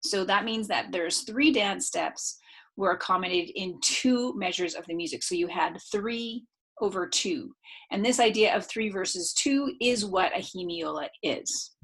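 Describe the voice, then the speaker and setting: A woman teaching a music theory class in a recorded video lecture, her voice sitting at an ordinary middle pitch. She explains things in a relaxed, conversational way, with a few fillers, and now and then she sings out the rhythms. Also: unhurried, slightly rough.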